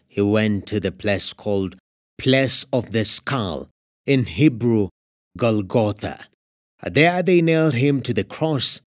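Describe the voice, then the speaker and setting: Slow, expressive Kenyan male narrator. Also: mid-range voice, no room sound, studio quality. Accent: Kenyan English. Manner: steady, expressive reading. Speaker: scripture narrator. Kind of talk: scripted scripture reading.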